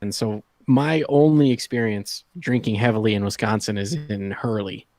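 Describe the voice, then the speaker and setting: A man's voice: fairly low pitch, moderate pace, darkish tone, no echo. A man in his thirties telling a long story to friends in a casual chat, laughing often and acting out the people he quotes. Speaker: podcast host.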